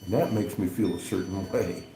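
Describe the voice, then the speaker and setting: A man's voice: deep voice, moderate pace, dark tone. A man, chatting casually on a livestream, rambling and chuckling often. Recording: echoey room, faint background noise.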